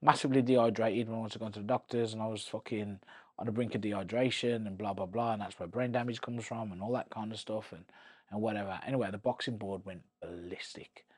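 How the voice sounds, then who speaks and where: Profane ex-boxer telling stories. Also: male voice, lowish voice, quick pace. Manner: animated, profane storytelling that acts out quoted voices. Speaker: podcast guest, former professional boxer. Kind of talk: casual podcast interview.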